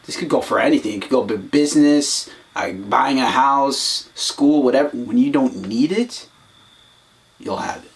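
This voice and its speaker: A man's voice: mid-range voice, normal speed. A man co-hosting a casual podcast, lecturing in a mocking, preachy way. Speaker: podcast co-host.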